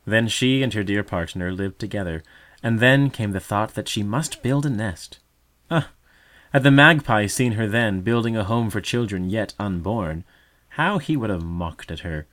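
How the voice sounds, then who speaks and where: A man narrating a storybook tale in a measured, gentle read. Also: fairly low pitch.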